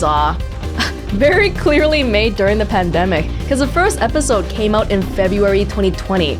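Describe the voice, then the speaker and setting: A woman doing casual let's play commentary, excitable and rambling, often breaking into giggles. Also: mid-range voice.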